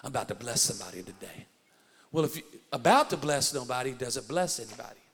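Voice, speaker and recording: A man preaching a sermon as pastor, telling stories with rising, animated delivery that breaks into shouts. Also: mid-range voice, quick pace, breathy edge, big-room sound.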